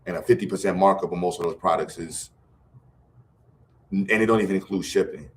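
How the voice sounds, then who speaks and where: This middle-aged man from Brooklyn, New York, is a guest on a livestream, an educator who runs a program. His low voice moves fairly quickly, with a slight hiss or hum, and he talks loosely in slang with lots of restarts.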